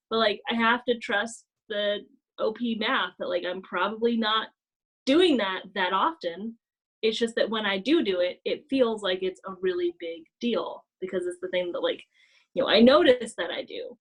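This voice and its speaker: A woman co-hosting a casual chat, talking in an animated way with many "like" fillers and acting out gasping apologies. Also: a little high, a little fast, rough recording. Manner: frequent "like" fillers. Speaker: podcast co-host.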